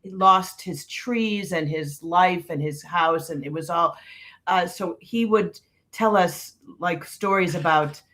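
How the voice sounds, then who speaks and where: A woman's voice: lowish voice, slow, a bit bright. A woman, an actress guest, chatting in an interview in a conversational, meandering way. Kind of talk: interview chat.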